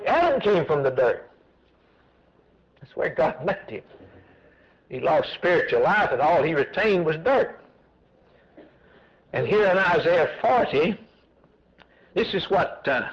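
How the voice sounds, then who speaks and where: In a dull, lo-fi recording reminiscent of old radio, a preacher with a slightly high, lively, swooping voice delivers a sermon. He's emphatic and repetitive, driving points home by repeating phrases and answering his own questions.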